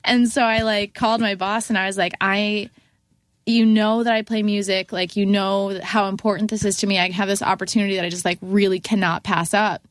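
A young woman chatting on a podcast, retelling a wild road story with lots of "like"s and sudden jumps up in pitch when she quotes people. Her voice sits mid-range, close and dry on the mic, with no room sound around it. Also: a little fast, no room sound. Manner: animated, acts out quotes in a raised voice, many fillers of "like". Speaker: guest musician. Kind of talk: casual storytelling in a podcast chat.

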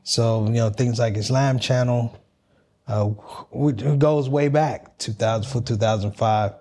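American man, comedian guest, earnest reflective storytelling, repeats himself, mid-pitched voice. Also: measured pace, a little mellow. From United States. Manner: earnest, repeats words, calls people man.

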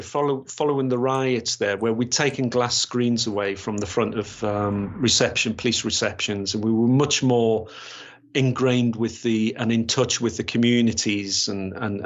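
A man, a retired police officer recounting his career in a rambling way, with many restarts and fillers. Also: mid-range voice. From Gateshead, England. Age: 60s. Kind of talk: storytelling interview. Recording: slightly dull, lo-fi sound.

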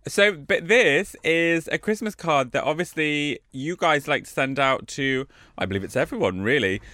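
A man's voice: a little high, animated, normal speed, bright, forceful tone, dry recording, studio quality. A man co-hosting a podcast, bubbly and laughing as he opens listener mail. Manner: bubbly, laughing, theatrical gasps. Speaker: podcast co-host. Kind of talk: casual chat reading listener mail.

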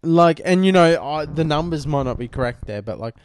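A man's voice: a little high, lively intonation, brisk, a little hiss or hum. A young Australian man co-hosting a casual podcast in a lounge room, laid-back and swearing a lot. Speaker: podcast co-host. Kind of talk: casual chat.

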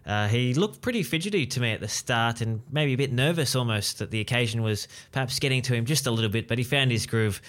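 A man hosting a sports podcast in a steady, measured presenter manner. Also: medium pitch. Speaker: podcast host.

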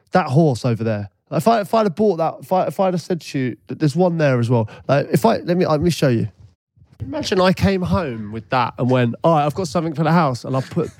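A man's voice: a little high, darkish tone, no room sound, studio quality. A man co-hosting a podcast, rambling and defending himself in a jokey way. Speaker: podcast co-host. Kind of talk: casual chat.

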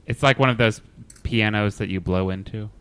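A male podcast host doing improv comedy, hesitant and halting in his talk. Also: lowish voice, fairly bright tone, clear, resonant tone, no room sound.

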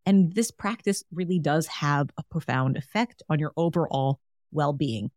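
A woman's voice: low voice, moderate pace, a little mellow, dry recording, clean studio sound. A woman hosting a solo wellness podcast, talking in an upbeat, encouraging, chatty way with lots of "like". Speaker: podcast host.

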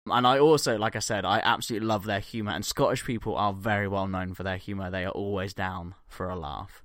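A man's voice: fairly low pitch, steady tone, fast, fairly bright tone, dry recording, studio quality. A man co-hosting a podcast in casual banter, profane and jokey, laughing often. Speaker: podcast co-host.

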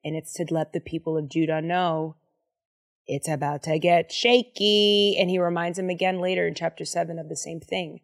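A woman's voice: on the low side, fairly even intonation, moderate pace, creaky. A young woman casually leading a Bible study, enthusiastic and chatty with lots of fillers.

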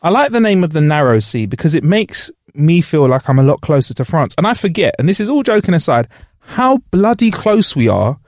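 Lively jokey man. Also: on the high side, a little fast, no echo, studio quality. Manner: jokey, animated, laughs often. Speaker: podcast co-host. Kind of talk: casual comedic chat.

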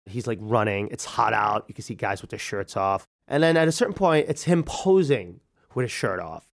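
A man's voice: on the low side, animated, moderate pace. Man telling his own story, conversational. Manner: conversational, acts out dialogue. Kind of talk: personal storytelling.

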